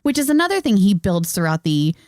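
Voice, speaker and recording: Female podcast co-host, average pitch, dry recording, lively filler-heavy chat. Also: fairly quick, dry recording. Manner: animated, laughs easily, many fillers.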